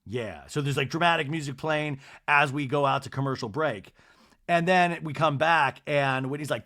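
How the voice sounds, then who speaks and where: A man hosting a reality TV recap podcast, talking casually with swearing and quickly acting out the cast's lines in voices. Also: a little high, pushed and bright. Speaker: podcast host.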